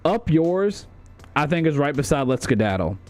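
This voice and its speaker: Animated, profane young male streamer. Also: on the high side, moderate pace, no echo, soft background music. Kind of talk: casual stream commentary.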